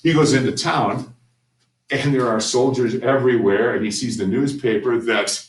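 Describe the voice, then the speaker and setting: A man with a medium-pitched voice and moderate pace teaches a history class, telling the story conversationally and restarting often. The mic is roomy and distant, with faint ambient noise.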